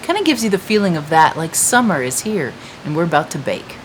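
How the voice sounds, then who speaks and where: Woman, lowish voice, chatty and rambling, casual craft talk outdoors, faint background noise. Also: very animated, a little fast, rough recording. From United States. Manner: chatty, rambling, many fillers. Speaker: craft shop host. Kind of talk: casual chat to viewers. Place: outdoor patio.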